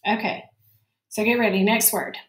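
Woman teacher, slow clear dictation for young kids, mid-pitched voice, roomy echo. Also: fairly even intonation. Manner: slow, clear dictation, repeating each word. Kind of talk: spelling lesson for young children.

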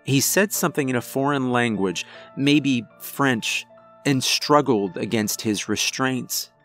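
Slow, grave male horror narrator. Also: mid-range voice, fairly bright tone, faint music behind. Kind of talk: scripted first-person horror narration.

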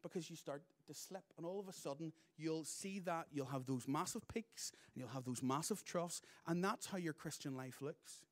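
A middle-aged man, preaching a sermon as pastor, moving between loud emphatic lines and quiet asides. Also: a little high, normal speed, hardly any pauses.

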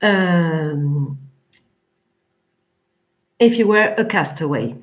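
A woman teaching an English class online, chatty and rambling, with frequent pauses as she talks to her students. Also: on the low side, lively intonation, dull audio.

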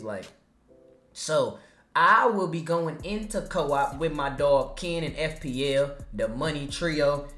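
A young man doing casual, slangy commentary over his basketball video game, trash-talking and sometimes shouting or singing. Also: on the high side. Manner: hyped slangy trash talk, sings and shouts over play. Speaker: gaming YouTuber.

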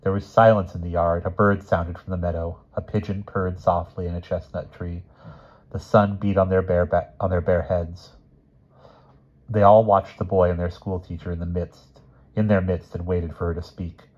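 Deep-voiced man, husky, mellow, calm storybook narration. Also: moderate pace, lo-fi sound. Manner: calm steady narration with small misreadings. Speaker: audiobook reader. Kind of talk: reading a children's novel aloud.

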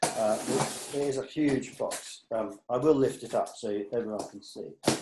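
A man's voice: mid-range voice, moderate pace, heavy background noise. A man chatting casually and rambling self-deprecatingly as he unboxes his own box set. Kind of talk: casual chat. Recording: roomy echo.

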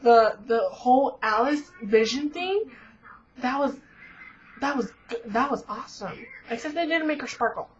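A woman's voice: high voice, expressive, normal speed, a little hiss or hum. Gushing teen girl, lo-fi webcam. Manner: gushing, rambling, many fillers. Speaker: vlogger. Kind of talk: casual chat. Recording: dull lo-fi webcam audio.

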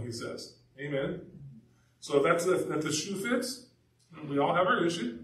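Animated preacher in an echoey church. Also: male voice, fairly high pitch, moderate pace, recorded from a distance. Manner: conversational, animated storytelling. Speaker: pastor. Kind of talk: sermon. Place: church sanctuary.

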